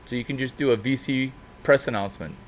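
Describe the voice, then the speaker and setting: In an unrehearsed, animated monologue, a startup mentor swings suddenly in volume and pitch while dragging out key words for emphasis. A light hiss or hum sits under his voice.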